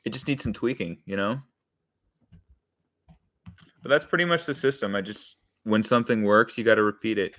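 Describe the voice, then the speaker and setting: A man's voice: on the low side, normal speed, long pauses, fairly bright tone. A man casually thinking aloud while writing a comedy sketch on a live stream, answering chat and chuckling as he goes.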